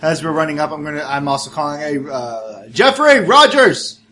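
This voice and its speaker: A man playing a tabletop game, quick and decisive. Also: on the high side. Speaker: player. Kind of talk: casual tabletop game play.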